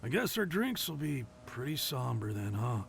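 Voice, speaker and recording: An actor playing a gruff adult male adventuring companion in a video game, with a wry, musing way of telling things. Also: mid-range voice, big pitch swings, normal speed, slight background noise. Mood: somber.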